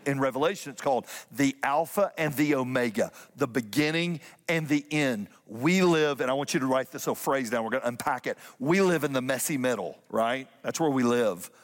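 A male pastor delivering a sermon in a church, driving points home with repeated refrains and shifting his pace between rushed and drawn-out. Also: mid-range voice, big-room sound. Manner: emphatic preaching with repeated refrains, speeding up and slowing down. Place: church sanctuary.

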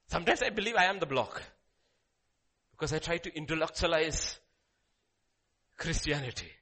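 An emphatic man preaching a sermon, repeating his phrases and swinging from loud cries to hushed asides. His voice sits fairly high and sounds bright and husky, with pitch that jumps all over. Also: expressive, moderate pace.

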